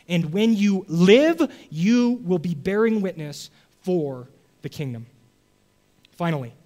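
A man's voice: high-pitched, darkish tone. A man preaching a sermon in a conversational, emphatic way, often checking in with "okay?" and "right?". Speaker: pastor.

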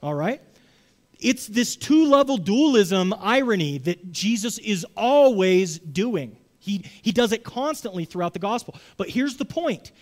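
A man's voice: sits high, lively intonation, a little slow. A man giving a sermon in a conversational way, often checking in with his listeners and acting out short voices. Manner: conversational, acts out voices, frequent "right?". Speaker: preacher.

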